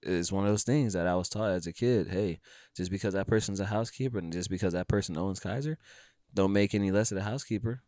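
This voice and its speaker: Animated man with a low voice. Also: quick pace, no room sound, studio quality. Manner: animated storyteller, acts out dialogue, says dude and bro. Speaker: photographer, podcast guest. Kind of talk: casual podcast chat.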